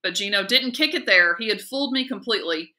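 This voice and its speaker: A woman teacher reading a novel aloud in a steady, lively and expressive way. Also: medium pitch, fast talker. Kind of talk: read-aloud narration of a novel.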